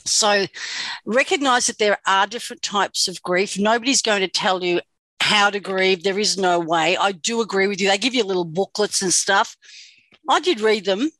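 A woman's voice: medium pitch, normal speed, a bit bright, no room sound. A woman with an Australian accent hosting a podcast, talking frankly in a chatty way full of folksy sayings. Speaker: podcast host. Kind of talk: casual podcast conversation.

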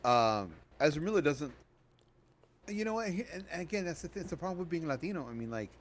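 A man co-hosting a podcast, asking probing questions in relaxed conversation with joking asides. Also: a little high, fast, a little hiss or hum. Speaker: podcast co-host. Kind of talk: casual movie review chat. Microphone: podcast microphone.

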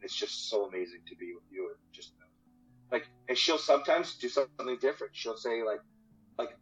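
This guest on an interview podcast is a marriage coach who chats about marriage with energy, swearing freely and circling back over his words. His medium-pitched voice is animated and fairly bright, and he talks fairly quickly. The sound is lo-fi and dull, with faint background music.

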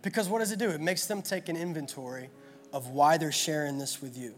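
A man's voice: on the high side, brisk, soft background music. A man preaching a sermon at a church gathering in an earnest, repetitive style full of rhetorical questions. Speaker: pastor.

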